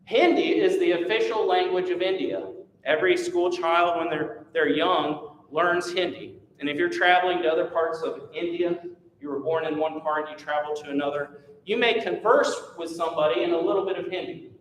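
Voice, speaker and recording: A man's voice: fairly even intonation, normal speed. A man who is a missionary gives a church class presentation, teaching in an earnest, emphatic way. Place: church meeting room. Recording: echoey church hall from far off, faint rumble.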